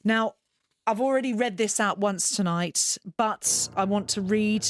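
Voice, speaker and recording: A woman's voice: mid-range voice, measured pace, dry recording, soft background music. A woman hosting a radio phone-in, sympathetic and indignant in tone, on a close studio microphone. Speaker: radio host. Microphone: close studio mic.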